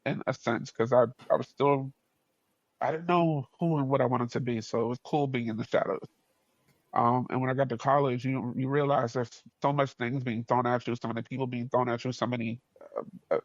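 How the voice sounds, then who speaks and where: Animated New York man telling a story. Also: vocal fry, no room sound. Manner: animated, acts out dialogue with quick shifts up in pitch, laughs often. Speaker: podcast guest. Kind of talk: casual storytelling in conversation. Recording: dull, dry podcast audio.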